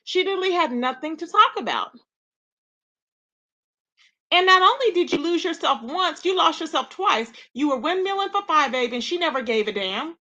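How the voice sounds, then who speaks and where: A high-pitched woman hosts a chatty gossip livestream and keeps talking straight to her viewers. Her voice is bright and sharp, and her speech has features. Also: lively intonation, normal speed, muffled recording. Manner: chatty, greets viewers by name, calls them babe and child. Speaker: YouTube commentary livestream host. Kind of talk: casual livestream gossip commentary.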